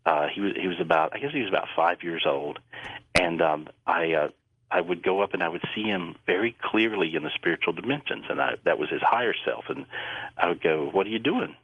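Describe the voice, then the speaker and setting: A man's voice: low voice, a little fast, breathy edge, no echo, phone-quality sound. A man speaking as a psychic guest on a radio interview, earnest and rambling, often repeating words as he talks.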